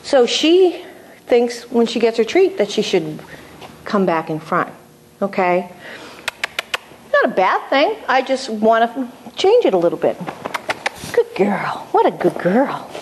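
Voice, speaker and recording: A woman's voice: fairly high pitch, sing-song, a little slow, pauses often, darkish tone, slight background noise. Middle-aged woman dog trainer explaining. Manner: explains step by step, checks in with "okay?". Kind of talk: instructional demonstration.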